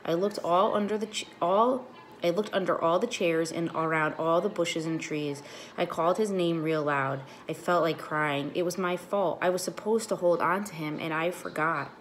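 A woman teacher reading a children's chapter book aloud to her class, clear and expressive. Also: on the low side, moderate pace, a little hiss or hum.

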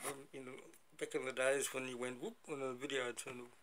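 A man vlogging casually while he stretches, playful and laughing often as he gives shout-outs. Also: medium pitch, little pitch movement, fairly quick, few pauses, a little hiss or hum. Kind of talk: casual chat during a stretching routine.

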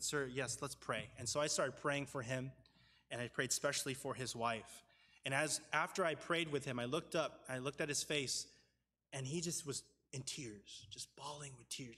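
A young man pastor telling a personal story in a sermon, earnest and halting, with many fillers and restarts. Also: a little high, a bit bright. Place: church sanctuary. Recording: long church hall reverb.

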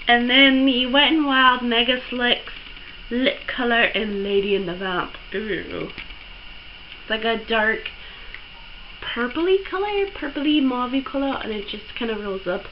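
Young woman vlogger with a high voice, gasping and gushing over an unboxing; dull lo-fi home recording. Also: a little slow, background noise. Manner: gushing, gasping, breathless with excitement. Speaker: beauty vlogger. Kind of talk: excited unboxing vlog.

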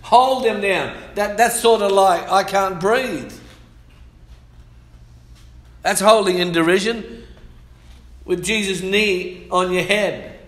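High-voiced preacher in echoey church. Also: male voice, measured pace. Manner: lively preaching, calls for amens, reads scripture aloud. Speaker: pastor. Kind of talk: sermon. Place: church hall.

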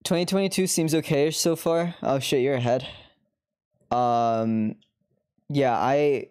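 A woman's voice: rumbling low, slow pace, darkish tone, clean tone. A woman streamer chatting through live gameplay commentary, laughing often and swearing freely.

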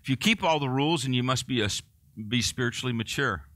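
A man's voice: mid-range voice, fast talker, fairly bright tone, dry recording. A male pastor preaching a sermon in a conversational way, joking and poking fun at himself.

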